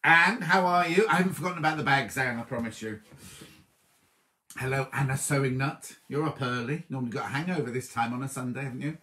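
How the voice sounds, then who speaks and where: A man hosting a casual live stream from home, chatting warmly and reading out viewers' comments, with a slight cough. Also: medium pitch, quick pace. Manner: chatty, affectionate, reads viewers' comments aloud. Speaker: livestream host.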